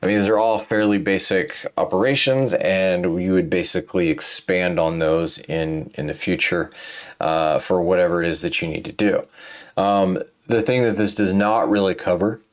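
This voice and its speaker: A man's voice: deep voice, normal speed. A tired man hosting a casual programming walkthrough, thinking aloud with many fillers and restarts. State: tired, yawning. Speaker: programming tutorial host.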